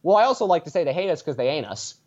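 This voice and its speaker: Lively rambling sarcastic man. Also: on the high side, racing. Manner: rambling, sarcastic, full of tangents. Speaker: podcast guest. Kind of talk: casual podcast chat. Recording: dull lo-fi sound.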